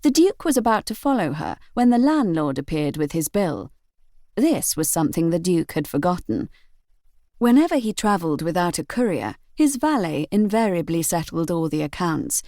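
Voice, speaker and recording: A woman narrating an audiobook novel in an expressive, measured storytelling manner. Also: on the low side, no room sound, clean studio sound.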